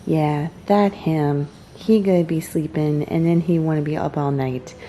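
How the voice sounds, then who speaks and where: A woman's voice: low-pitched, steady tone, measured pace, dark tone, a little hiss or hum. A woman with a Southern US accent, chatting casually to her viewers in a vlog and calling them y'all. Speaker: fitness and food vlogger.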